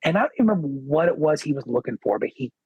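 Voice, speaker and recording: A man's voice: on the high side, rapid-fire, breathy edge, dry recording, rough recording. A middle-aged man, a guest guitarist, telling stories in a casual interview and acting out what others said. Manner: lively anecdote teller, acts out quoted dialogue.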